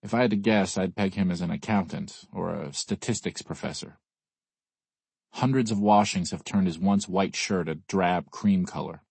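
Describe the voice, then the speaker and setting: A man with a very deep, husky voice reads a first-person audiobook. His delivery is weary and brooding, and the recording is dry and close to the mic. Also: moderate pace, a little mellow, no echo. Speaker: audiobook narrator. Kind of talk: first-person scripted narration.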